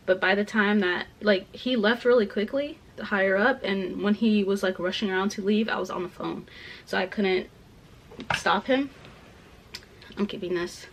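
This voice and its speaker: A woman's voice: medium pitch, slight background noise, poor audio. Rambling young woman venting casually. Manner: rambling, heavy use of "like" fillers; drops to soft asides about clothes. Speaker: vlogger. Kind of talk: casual rant while packing.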